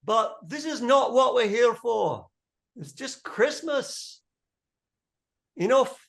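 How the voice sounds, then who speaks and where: A man's voice: extremely high pitch, sing-song, slow, pitched above the performer's own voice, heavily acted. A man voicing a fierce young King Arthur. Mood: defiant. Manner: shouted, defiant. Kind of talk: tabletop game character voice.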